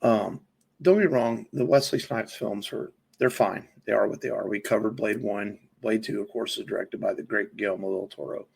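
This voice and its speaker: Gravelly man in casual podcast chat. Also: fairly low pitch, normal speed. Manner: rambling, many fillers and restarts. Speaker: podcast co-host.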